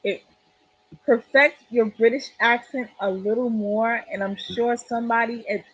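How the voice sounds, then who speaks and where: A woman hosting a casual interview, upbeat and quick to laugh. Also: a little high, steady tone, a bit bright, breathy edge, no room sound. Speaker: host. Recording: dull lo-fi recording with faint hum.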